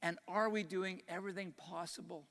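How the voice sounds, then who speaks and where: A man's voice: high voice, steady tone, fairly quick, gravelly. An older Canadian man with a slight Texas twang, giving an earnest, folksy keynote speech at a conference. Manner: earnest, folksy, grows quiet on grave points. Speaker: conference speaker. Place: large conference hall. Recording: echoey hall.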